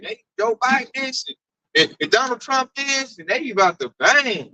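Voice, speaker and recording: A man telling animated work stories in a casual chat, acting out his coworkers. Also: extremely high pitch, fairly quick, no room sound, poor audio. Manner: animated, acts out coworkers' voices. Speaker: speaker at a group discussion.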